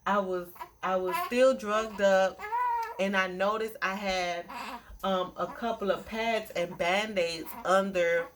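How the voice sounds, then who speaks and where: A young adult woman vlogger telling a storytime in a chatty, animated way with playful asides. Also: medium pitch, slow pace, a crowd in the background. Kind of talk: casual storytime.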